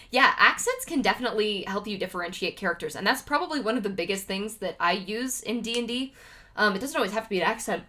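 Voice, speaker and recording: A woman's voice: mid-range voice, pushed and bright. A woman livestreaming, chatting casually to her viewers with lots of fillers and laughs. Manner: laughs often between remarks.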